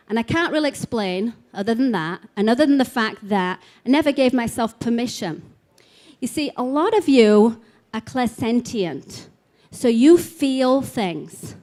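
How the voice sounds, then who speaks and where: A woman speaks to a live audience at an expo in a chatty, animated way. She acts out quoted lines as she goes, and her voice sits a little high. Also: moderate pace. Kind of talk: live storytelling talk to an audience.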